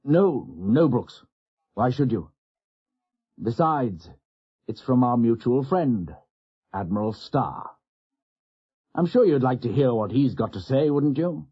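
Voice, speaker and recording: Weary naval admiral, dry and measured, dull lo-fi sound, read by a man. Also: medium pitch, big pitch swings, slightly rough, full character voice. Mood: dryly ironic.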